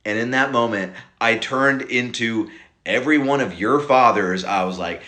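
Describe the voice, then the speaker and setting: A man's voice: mid-range voice, normal speed, sharp tone. A man from India telling a comic story and acting out the other people in it. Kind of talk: stand-up comedy story.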